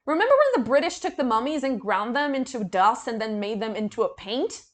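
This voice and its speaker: A woman's voice: on the high side, brisk. A woman reviewing a book, reading passages aloud and breaking into sarcastic, profane rants. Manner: sarcastic, swears freely, swings from flat reading to loud outbursts.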